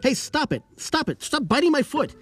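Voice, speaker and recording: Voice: high voice, big pitch swings, moderate pace, a bit bright. A performer voicing a startled, flustered person woken in the night, protesting in an exasperated way, with light music behind. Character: startled sleeper, flustered and indignant.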